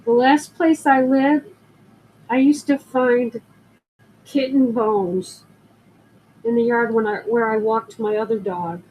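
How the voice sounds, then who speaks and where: An older woman talks slowly and casually on her live selling stream, her voice sitting a bit high. She rambles through stories between greeting viewers. A faint background noise runs under the recording. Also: steady tone, a little mellow, highs cut off. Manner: chatty, rambling storyteller who greets viewers. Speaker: live-stream jewelry seller.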